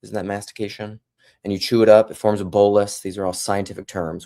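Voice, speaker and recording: A man's voice: fairly low pitch, fairly even intonation, brisk, a little mellow. A man talking casually from home on a live stream, rambling and joking between serious points. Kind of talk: casual livestream monologue.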